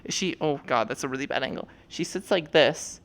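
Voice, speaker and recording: A young woman streams with a low, animated voice at a moderate pace. She chats and rambles casually while showing off avatars, filling her talk with fillers and swearing.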